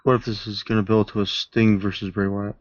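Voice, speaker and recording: A man's voice: fairly low pitch, little pitch movement, a little fast, no room sound, lo-fi sound. A man co-hosting a casual podcast, tossing in short teasing remarks. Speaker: podcast co-host. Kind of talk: casual chat.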